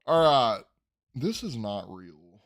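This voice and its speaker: A man's voice: medium pitch, sing-song, slow pace. A man hosting a casual sports podcast, chatting loosely and tripping over hard names as he reads them out. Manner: rambling, stumbles over fighter names. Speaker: podcast host.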